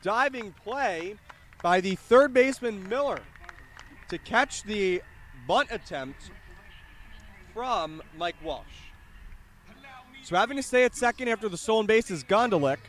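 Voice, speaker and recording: A young man with a high, light voice calls a high school baseball game play by play. He lifts his voice on the big plays and chats loosely between pitches. He is recorded outdoors at the field. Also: animated, measured pace, pauses often, a bit bright. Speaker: play-by-play announcer.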